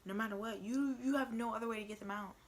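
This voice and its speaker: A woman's voice: fairly high pitch, fast, noisy background. A young woman casually telling a personal story to camera, chatty and full of "like", acting out what others said. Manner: chatty, heavy use of "like", acts out quotes. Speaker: vlogger.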